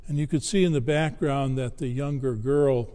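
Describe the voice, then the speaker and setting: A man preaching a sermon, telling a story slowly and deliberately with long pauses. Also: mid-range voice, fairly even intonation, dark tone. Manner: slow, measured storytelling with dramatic pauses. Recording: long hall reverb.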